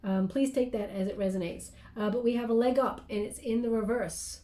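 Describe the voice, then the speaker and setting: A woman's voice: a little high, a little fast, mellow, echoey room. A woman giving a casual tarot reading, rambling and apologetic, with lots of fillers and restarts, yawning and sleepy. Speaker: tarot card reader.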